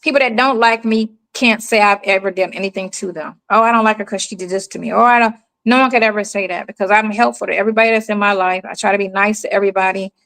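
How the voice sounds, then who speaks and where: A woman's voice: medium pitch, fast, hardly any pauses, rough recording. A middle-aged woman from the United States telling stories in casual chat, acting out the people she quotes. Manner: animated storyteller, acts out quoted people.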